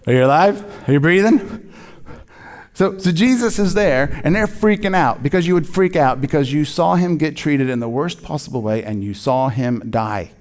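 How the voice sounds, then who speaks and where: A man preaching a sermon with a slightly higher voice. He talks in a relaxed, conversational way, animated and joking with the people in front of him. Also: normal speed. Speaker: pastor.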